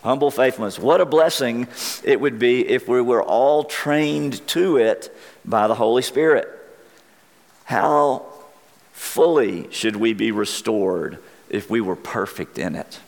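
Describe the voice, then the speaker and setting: A man preaching a sermon as pastor, earnest and deliberate, his voice wearing thin. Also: medium pitch, gravelly, in a large hall.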